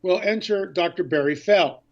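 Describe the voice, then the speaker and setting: A man guesting on a radio interview as an author and filmmaker, telling a story with excitement and acting out past conversations. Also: sits high, normal speed, lo-fi sound.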